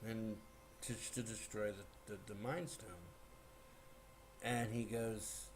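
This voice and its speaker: A man talks through a film recap at an unhurried pace, in a mid-range voice. He rambles, restarts sentences and gets excitable as he retells scenes. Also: medium pitch, slight background noise. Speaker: movie reviewer. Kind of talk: casual spoiler recap.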